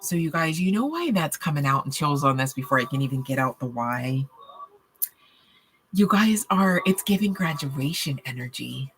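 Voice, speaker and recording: Low, bright-toned chatty woman reader. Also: moderate pace, slight background noise. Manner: animated, chatty, laughing asides. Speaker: tarot card reader. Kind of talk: casual chatty reading to camera.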